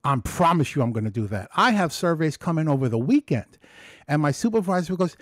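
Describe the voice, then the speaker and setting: A man in a candid personal vlog who tells his story with emotion and rambles through many restarts and swear words. He swings between excited storytelling and low, quiet reflection. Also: a little fast, dry recording, studio quality. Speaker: vlogger.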